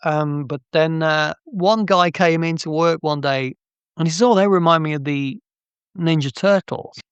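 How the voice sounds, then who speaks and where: A man's voice: a little high, normal speed, smooth, no echo, highs cut off. A middle-aged man, an interview guest, telling anecdotes in a chatty way with frequent restarts and laughs. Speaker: interview guest, game artist. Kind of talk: casual interview storytelling.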